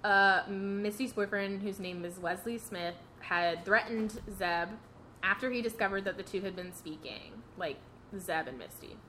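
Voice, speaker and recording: A woman's voice: mid-range voice, unhurried, pushed and bright, slight background noise. A young woman hosting a podcast, telling a true crime case in a loose, chatty way with lots of fillers and frequent laughs. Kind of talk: casual chat, storytelling.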